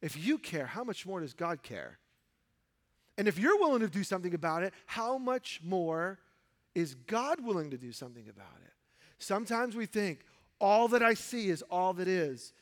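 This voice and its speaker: A man preaching a sermon, animated, mimicking the voices of people in the stories he tells. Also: high voice, normal speed, big-room sound. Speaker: pastor.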